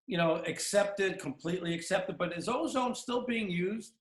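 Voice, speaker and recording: A man's voice: sits high, moderate pace. A man hosting an interview, asking questions with small hesitations and repeated words. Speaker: show host. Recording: roomy echo.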